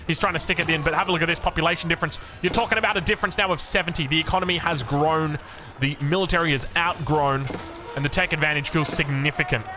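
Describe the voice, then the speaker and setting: Aussie guy casting a strategy game match, voice jumps all over, a bit high, music playing underneath. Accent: Australian. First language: English. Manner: animated, jokey, self-mocking asides. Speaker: game caster. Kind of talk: esports match commentary.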